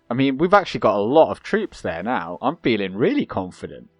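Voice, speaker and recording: A man's voice: mid-range voice, very animated, fairly quick, hardly any pauses, no echo. A young man giving rambling, chatty commentary while playing a strategy game, laughing now and then. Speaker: gaming channel host. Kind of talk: let's play commentary.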